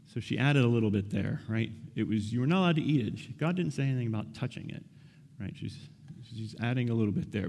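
A man's voice: lowish voice, moderate pace, darkish tone. A man giving a casual, conversational sermon, asking his listeners questions and often adding "right?". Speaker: preacher. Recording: reverberant hall.

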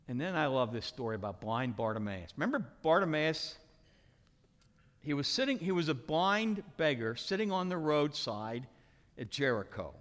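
A man preaching an animated sermon, dramatically acting out the characters in his story with sudden shouts and hushed asides. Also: fairly high pitch, moderate pace, long reverb tail. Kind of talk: animated sermon with acted-out voices.

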